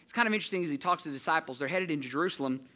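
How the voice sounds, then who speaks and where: A man preaching a casual, story-driven sermon, talking to the congregation like friends and putting on children's voices in his anecdotes. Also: very fast. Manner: animated storytelling, jumps higher and louder when quoting children. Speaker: pastor. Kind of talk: conversational sermon with stories.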